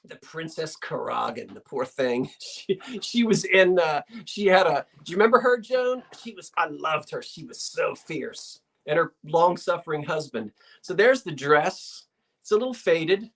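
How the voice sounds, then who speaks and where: A woman's voice: sits low, very animated, unhurried, creaky, slightly rough. A woman hosting a live online sale, describing an item in casual, rambling chat full of asides.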